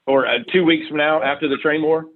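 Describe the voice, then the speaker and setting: A man leading a sales team meeting, telling animated stories and setting the schedule. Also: on the high side, fairly quick. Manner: animated storytelling with quoted dialogue. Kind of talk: team call, casual meeting talk. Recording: tinny phone-line audio.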